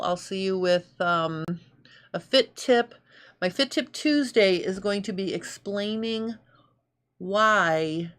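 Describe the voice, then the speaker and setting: A woman hosting a live sewing show, thinking aloud in casual chat and reading out viewer comments. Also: on the low side.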